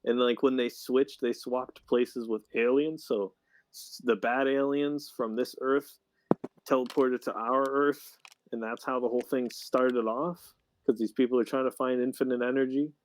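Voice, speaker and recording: A man's voice: mid-range voice, steady tone, normal speed, low-quality recording. A man co-hosting a casual podcast chat, explaining film plots at length in a matter-of-fact way. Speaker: podcast co-host.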